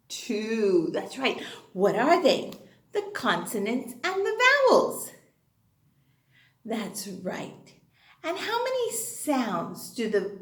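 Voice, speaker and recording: A woman's voice: high voice, a bit bright, reverberant. A woman teaching a phonics lesson to young children in an exaggerated, sing-song way, gasping with delight between questions. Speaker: kindergarten teacher.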